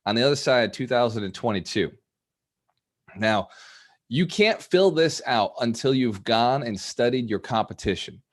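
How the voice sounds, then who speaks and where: A man hosting a live video coaching session, energetic and motivational, laughing often. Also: mid-range voice, normal speed. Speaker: host and business mentor.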